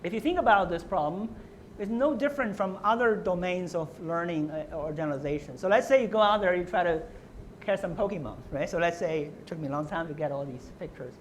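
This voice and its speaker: A man's voice: high voice, fairly quick, a little hiss or hum, rough recording. A man giving a university lecture who explains step by step, often checking in with "right?" and restarting his words. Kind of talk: academic lecture.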